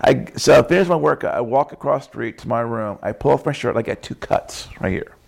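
A middle-aged man preaching a sermon, telling animated personal stories and acting out what people said. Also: medium pitch, brisk, vocal fry. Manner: animated storytelling, acts out quotes, laughs often.

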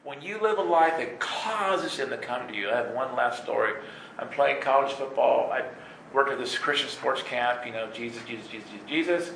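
A man telling stories from his life in an animated way, laughing and acting out voices. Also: medium pitch, moderate pace, creaky, a little hiss or hum. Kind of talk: storytelling talk. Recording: echoey room with faint ambience.

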